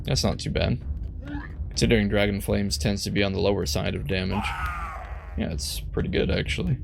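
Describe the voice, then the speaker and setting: A man's voice: lowish voice, fairly even intonation, a little fast, gravelly, noisy background. A man giving playful, self-mocking commentary while playing a game. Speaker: let's play gamer. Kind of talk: casual gameplay commentary.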